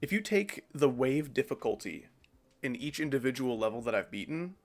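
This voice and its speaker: A man's voice: mid-range voice, lively intonation, normal speed. A man streaming a game, rambling casually as he comments on his play. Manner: rambling, chatty, swears casually. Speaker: gaming streamer.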